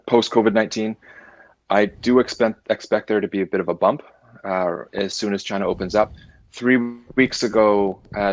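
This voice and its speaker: A man with a Canadian accent, a company director answering interview questions in a measured way with frequent restarts. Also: sits low, no echo. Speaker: guest, managing director.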